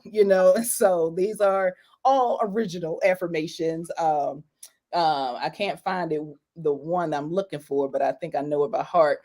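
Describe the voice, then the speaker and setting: A woman guest on a video call interview, talking casually and rambling with many fillers and frequent laughs. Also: on the low side. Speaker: guest, author of a coloring book.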